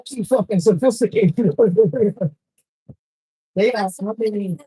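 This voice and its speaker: A woman's voice: mid-range voice, takes it slowly, warm tone, breathy edge, poor audio. A woman hosting a live poetry show on stage into a handheld mic, with loose, profane banter and frequent laughs. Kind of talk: casual live emcee banter.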